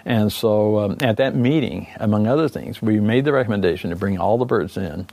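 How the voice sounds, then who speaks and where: This dry recording captures an older man with a fairly low, creaky, darkish voice talking a bit fast. As an interview guest, he reminisces about heading a condor recovery team, rambling along with plenty of fillers and corrections.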